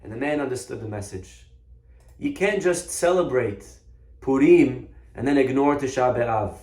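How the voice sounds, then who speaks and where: A man giving a storytelling sermon, animated, often restarting his sentences. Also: medium pitch, normal speed. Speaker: Torah teacher. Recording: echoey room.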